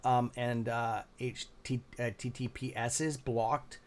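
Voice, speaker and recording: A man's voice: medium pitch, flat delivery, takes it slowly. Muttering, cursing man hosting a livestream. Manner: mutters and swears at the computer, then cheers on viewers. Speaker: livestream host. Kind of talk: casual livestream chat.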